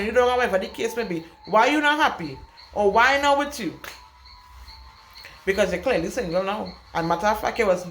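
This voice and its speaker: A young woman, vlogging an emphatic, blunt rant to camera, repeating her points for weight. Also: mid-range voice. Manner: emphatic, repetitive, speaks her mind bluntly. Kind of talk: casual storytime rant to camera. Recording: echoey room with faint background noise.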